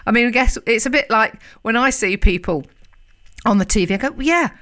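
A woman hosts a conversational interview. Her voice is a little high. She heaps enthusiastic praise on her guest and strings several questions together in one breath. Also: a little fast, a bit bright. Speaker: interview host.

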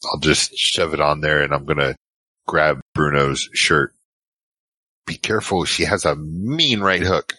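A low, husky man voices a wounded, frightened photographer in a tabletop game. He stammers and stumbles over his words. The sound is dry and close. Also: unhurried, sharp tone, no echo. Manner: stammering, shaken. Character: hurt, frightened male photographer Sam. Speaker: player. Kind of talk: tabletop role-play, in character.

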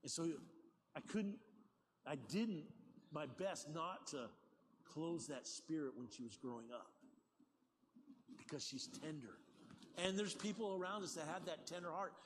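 An older man preaching a sermon as pastor, talking in a conversational, animated way with folksy asides. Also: a little high, unhurried, pauses often, background noise. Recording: long hall reverb, faint ambience.

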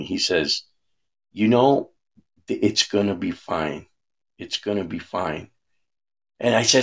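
A man's voice: deep voice, a bit bright, husky. A man giving an earnest, conversational sermon, telling a personal story and often checking in with his listeners. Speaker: speaker giving a devotional talk.

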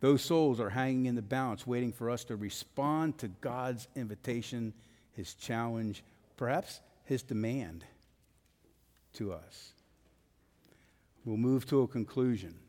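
A man's voice: mid-range voice, a little slow, long pauses, darkish tone. A male pastor preaching a sermon with an emphatic rising and falling cadence. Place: church sanctuary. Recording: long hall reverb.

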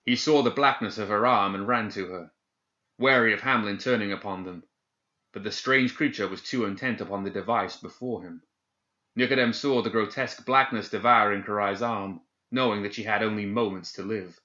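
A man narrating a dark fantasy story in a measured, dramatic reading. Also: lowish voice, roomy sound. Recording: dull lo-fi recording.

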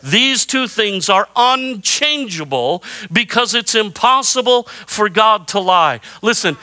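A man's voice: sits high, bright, forceful tone. A middle-aged man preaching a sermon as pastor, emphatic, calling for amens, mixing self-deprecating humor with repeated rallying phrases. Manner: emphatic preaching with call-and-response prompts.

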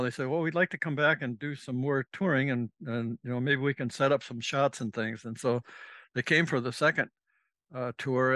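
A man's voice: medium pitch, sharp tone, no room sound. A man, a former navy officer, telling a rambling, casual story as a podcast guest and acting out the lines of the people in it. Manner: rambling, acts out quoted dialogue.

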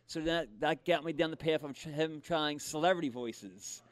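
A male comedian and ventriloquist telling a story in a casual, animated way, often restarting his sentences. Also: on the high side, normal speed, clear, resonant tone, no room sound.

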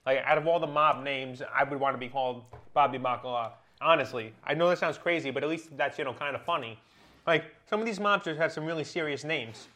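A man's voice: on the high side, brisk, pushed and bright. A young man with a slightly raised voice rambles through a casual podcast story. He leans on fillers like "like" and "you know," swears freely, and laughs as he goes. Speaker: podcast host.

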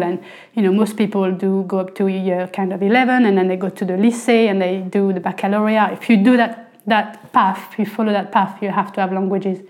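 A French woman in her forties, speaking with a French accent at medium pitch, chats casually as an interview guest. She fills her speech with lots of "you know."

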